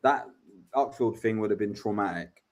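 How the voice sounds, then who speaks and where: A man's voice: lowish voice, moderate pace, darkish tone. A man co-hosting a casual football chat show, blunt and swearing freely, often repeating words as he talks. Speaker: podcast co-host.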